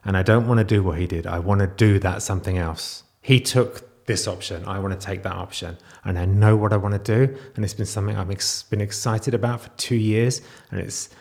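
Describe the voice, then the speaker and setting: A man speaking in a raw, confessional video diary, close to tears, halting and restarting as he talks. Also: fairly low pitch, fairly even intonation, vocal fry, a little mellow. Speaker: vlogger.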